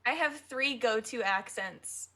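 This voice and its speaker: A woman co-hosting a podcast in casual chat, eager and quick to laugh. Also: fairly high pitch, pushed and bright. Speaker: podcast co-host.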